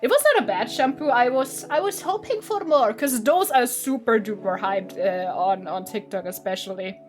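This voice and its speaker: Chatty high-voiced woman unboxing a haul. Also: expressive, moderate pace, faint music behind. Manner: chatty and rambling, with restarts and frequent laughs. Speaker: streamer and vlogger. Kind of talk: casual unboxing haul chat. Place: home room.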